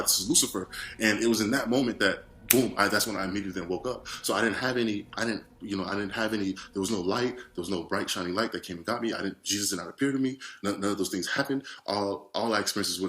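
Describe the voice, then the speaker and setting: A man's voice: fairly low pitch, fairly bright tone. A young man giving a personal testimony, talking in a frantic, rambling way with many restarts and repeated words.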